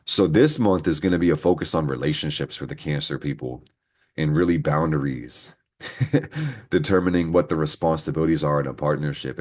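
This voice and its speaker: A man giving a casual, profanity-laced astrology reading, rambling and venting heatedly as he talks to his viewers. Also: a bass voice. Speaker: astrology reader. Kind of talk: casual horoscope reading to camera.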